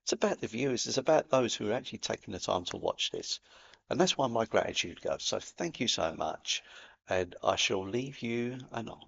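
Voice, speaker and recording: Man, Cockney accent, earnest and matey, spiritual video host, husky voice, muffled recording. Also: medium pitch, expressive, normal speed. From London, England. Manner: earnest, gently encouraging, matey. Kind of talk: reflective spiritual talk to camera.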